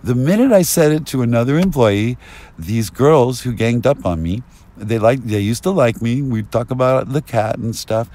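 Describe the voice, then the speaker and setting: A man rambling through an agitated street monologue, at times rising to yelling, recorded outdoors on a binaural mic. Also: mid-range voice, animated, moderate pace. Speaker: vlogger.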